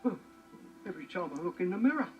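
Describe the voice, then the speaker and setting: A bewildered tramp who answers politely and keeps saying sir. His voice is unusually high and sounds set back from the mic. Music plays behind the drama dialogue. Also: sing-song, fast talker, recorded from a distance, lo-fi sound. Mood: wary deference.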